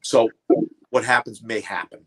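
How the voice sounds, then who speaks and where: A man's voice: fairly low pitch, moderate pace, fairly bright tone, rough recording. A man talking casually as a guest on a stream, often stumbling and repeating words as he searches for them. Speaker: panel guest. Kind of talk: casual chat.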